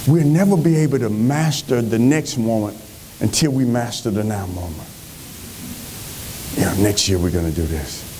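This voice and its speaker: A man giving an energetic motivational speech on a conference stage, telling stories with animated delivery. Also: mid-range voice, a little hiss or hum. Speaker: motivational speaker.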